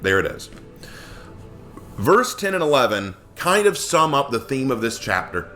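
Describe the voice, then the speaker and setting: Lively-voiced man teaching a Bible study. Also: medium pitch, fairly quick, soft background music. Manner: expressive, acts out quotes in funny voices. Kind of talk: casual Bible study talk.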